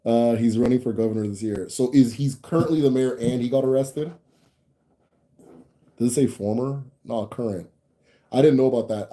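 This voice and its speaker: A man hosting a livestream, answering viewer chat in a rambling, animated way with lots of fillers. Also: medium pitch, normal speed, long pauses. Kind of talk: casual live chat.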